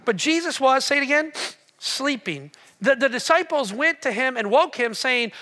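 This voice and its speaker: A male pastor delivers a sermon in a very high, bright voice. He tells the story with animated energy, swinging between loud passages and hushed ones. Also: normal speed.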